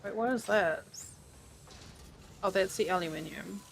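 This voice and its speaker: A woman's voice: medium pitch, measured pace, creaky, a little hiss or hum. A tired woman streaming a game, rambling casually to chat as she yawns. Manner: rambling, chatty, yawning.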